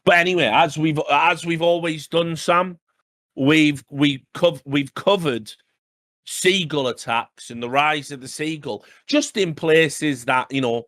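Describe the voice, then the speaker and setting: A man's voice: fairly high pitch, unhurried, a bit bright, no room sound, studio quality. A man co-hosting a casual podcast, reading news stories aloud and breaking in with chatty asides. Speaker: podcast co-host.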